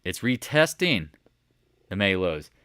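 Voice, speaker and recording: A man hosting a live market chat, walking viewers through charts with animated asides and rhetorical questions to the chat. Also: deep voice, slow pace, smooth, no echo, studio quality. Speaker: market commentary host. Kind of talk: live stock chart commentary.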